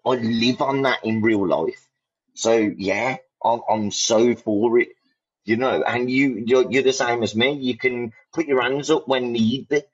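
A man's voice: medium pitch, unhurried, husky. A man hosting a podcast, talking bluntly and swearing a lot, repeating himself for emphasis. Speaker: podcast host. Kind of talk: heated casual chat. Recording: dull lo-fi audio.

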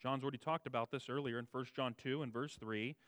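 A man preaching a sermon, stressing key words with a raised voice and dropping to quiet low asides, restating phrases for emphasis. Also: fairly even intonation, fairly quick, no room sound. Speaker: pastor.

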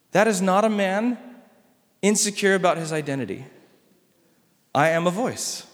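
Male pastor, sermon delivery, slightly high voice, big dynamic swings, lingering room reverb. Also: lively intonation, moderate pace, pauses often. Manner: dramatic swings between loud emphasis and soft hushed lines.

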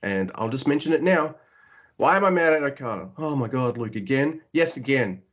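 A man's voice: medium pitch, lively intonation, normal speed, fairly bright tone. A man hosting a podcast in casual chat, ranting with frequent profanity and poking fun at himself. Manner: ranting, profane, self-mocking. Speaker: podcast host. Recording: muffled lo-fi podcast audio.

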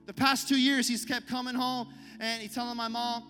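A young man preaching a sermon in a church, moving from hushed storytelling to passionate shouted calls to the congregation. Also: very high voice, level tone, moderate pace, long reverb tail, music in the background. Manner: impassioned, repeats rallying lines, swings from hushed storytelling to shouting. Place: church hall.

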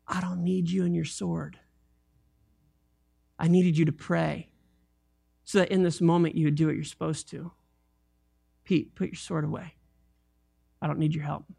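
A man voicing a calm male teacher gently rebuking a follower in a hushed voice. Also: fairly high pitch, fast talker, gravelly, few pauses, pitched below the performer's own voice. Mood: gentle. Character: calm correcting male teacher speaking softly.

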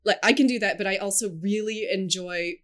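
A woman's voice: medium pitch, fairly quick, fairly bright tone. A woman chatting casually as a podcast guest, giggling often and rambling with plenty of fillers. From Scotland and China. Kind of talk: casual chat.

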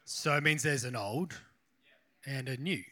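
A male pastor gives a loose, conversational sermon with a bright, forceful voice. He rambles a little and drops self-deprecating asides as he goes. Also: mid-range voice, unhurried. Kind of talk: casual sermon.

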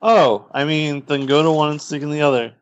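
A man trading dry, deadpan lines on a comedy podcast. He speaks in a flat, unbothered way. The recording is dull and lo-fi. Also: fairly high pitch, a little fast, dry recording. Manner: dry, deadpan, impatient to leave. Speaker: podcast co-host.

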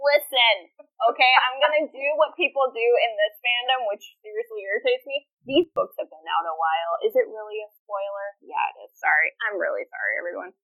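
A woman co-hosting a podcast in casual chat, animated and swearing freely as she acts out quotes. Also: medium pitch, a little fast, phone-quality sound. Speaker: podcast co-host.

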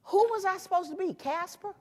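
High-voiced woman speaker in an echoing hall. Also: a little fast. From Tennessee, USA. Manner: animated, emphatic, punchy repeated phrases. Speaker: keynote speaker. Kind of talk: motivational speech. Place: conference hall stage. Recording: echoey hall with long reverb.

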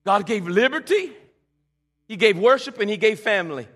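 A male pastor preaching with a high, bright voice that swings widely in pitch. He leads call-and-response, repeats lines, and stumbles over restarts as he builds. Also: animated, normal speed. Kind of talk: sermon.

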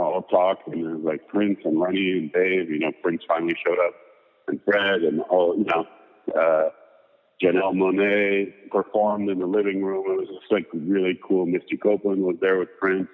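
A man as an interview guest, casually telling a long rambling story with lots of fillers. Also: low voice. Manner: rambling, animated anecdote with many fillers. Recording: tinny phone-like sound with long reverb.

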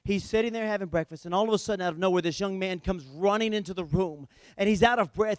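A man with a very high, smooth voice preaches a sermon, his storytelling animated and swinging between loud emphasis and hushed lines. The sound is close and dry, with no room echo. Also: quick pace.

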